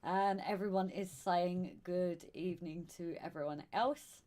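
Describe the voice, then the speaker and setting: A woman with a Southern English accent hosts a relaxed live stream, working through viewer comments and greeting regulars warmly by name. Her voice sits on the lower side and is wearing thin. She calls people darling and sweetheart. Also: a little slow. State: losing her voice. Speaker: live stream co-host reading chat. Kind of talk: casual live stream chat.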